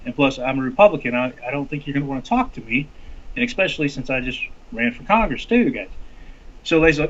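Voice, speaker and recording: This man, a congressional candidate from Arkansas, speaks at medium pitch and a little fast, telling an animated story with many restarts during casual interview talk. The recording is lo-fi and dull.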